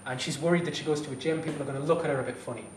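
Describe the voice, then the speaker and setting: A man, a fitness instructor, gives advice straight to the camera in a blunt, indignant way, with the odd swear word. His voice sits a little high for a man. He stands back from the mic in an echoey room with a faint hum behind him. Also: steady tone, very fast, distant mic. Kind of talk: direct-to-camera advice vlog.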